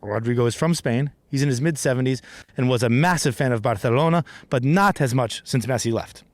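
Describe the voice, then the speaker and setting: A man's voice: mid-range voice, brisk, no room sound. A man hosting a comedy podcast, telling a rambling, profane, self-deprecating story outdoors in a park, with frequent restarts.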